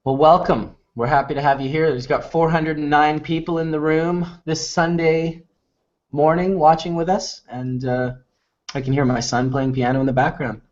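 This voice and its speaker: A man's voice: a little high, steady tone, normal speed, darkish tone. A man hosting a casual video chat, talking in a laid-back, rambling way with many fillers. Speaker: host. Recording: muffled lo-fi web stream.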